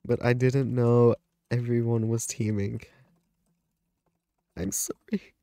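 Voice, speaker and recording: A man's voice: mid-range voice, flat delivery, slow, dark tone, dry recording. A man giving live gaming commentary, dramatic and panicky, often exclaiming and laughing. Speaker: gaming video creator.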